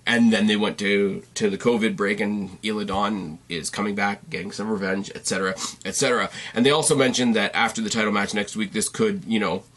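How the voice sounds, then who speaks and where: A man's voice: fairly low pitch, fairly even intonation, a little fast, few pauses, fairly bright tone. A man hosting a podcast, giving a casual, rambling recap with wry asides and self-corrections, sounding congested and tired. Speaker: podcast host reviewing wrestling. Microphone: on camera at a desk.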